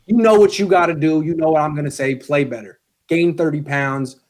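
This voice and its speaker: A man with a fairly high voice chats on a sports podcast. He talks to players as if they sat across from him, blunt and sarcastic as he hands out grades. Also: fairly quick, darkish tone. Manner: blunt, sarcastic, grading players as if addressing them. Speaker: guest sports commentator. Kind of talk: casual podcast chat.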